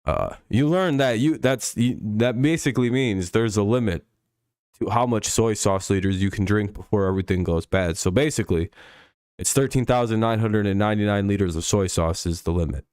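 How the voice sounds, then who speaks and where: A man's voice: fairly low pitch, a little fast, a little mellow, clean tone, dry recording, studio quality. A man hosting a casual football preview stream, joking and rambling with frequent swearing. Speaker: sports streamer. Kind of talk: casual NFL preview chat.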